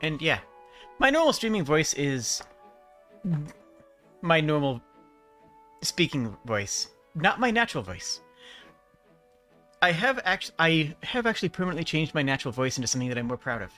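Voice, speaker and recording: A man streaming, chatting casually about voice technique while holding a deliberately gruff, gravelly voice. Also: on the high side, big pitch swings, bright, forceful tone, faint music behind. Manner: talks about voice technique, loose and rambling.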